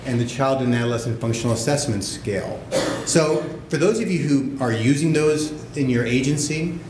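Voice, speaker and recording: A man's voice: mid-range voice, normal speed. Male conference panelist, casual and self-mocking, in a roomy hall with background noise. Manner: joking, self-deprecating, conversational. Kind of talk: conference talk with jokes. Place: large conference room with audience. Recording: echoey room, background noise. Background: audience laughter.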